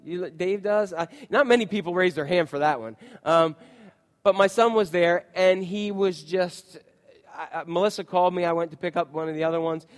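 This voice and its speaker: High-voiced conversational male pastor. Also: normal speed, in a large hall. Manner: conversational, storytelling with voiced quotes. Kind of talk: sermon. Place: church.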